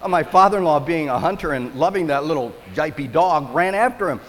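Male pastor, expressive storytelling sermon, higher voice, long hall reverb. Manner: storytelling, animated preaching with dramatic pauses.

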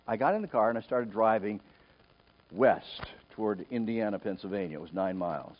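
A man's voice: fairly low pitch, fairly quick. A middle-aged male pastor preaching a sermon, telling a personal story and acting out the voices in it. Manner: animated storytelling, acts out quoted voices. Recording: dull lo-fi recording.

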